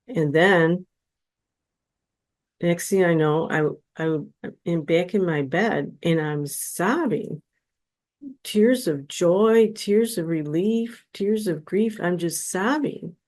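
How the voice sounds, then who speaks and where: Slow, earnest woman telling her story. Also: on the low side, a little mellow. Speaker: podcast guest. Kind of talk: personal storytelling in an interview.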